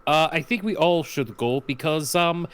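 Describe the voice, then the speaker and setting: A man playing a tabletop game, talking in an unsure, halting way. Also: a little high, fairly bright tone. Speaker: player. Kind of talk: casual tabletop play.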